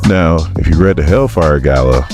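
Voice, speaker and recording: Man, very deep voice, lively pitch, chatty comic recap host, faint music behind. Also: moderate pace. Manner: chatty, joking aside. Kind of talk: casual comic book recap.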